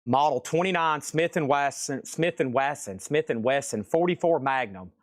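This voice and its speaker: A man running a livestream auction with a raised, fairly high speaking voice, rambling off topic and cracking jokes at his own expense. The sound is close and dry, with almost no room in it. He calls lots and prices in a loose, chatty way. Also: normal speed, no room sound. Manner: rambling, joking, self-deprecating. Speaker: host of a live record sale.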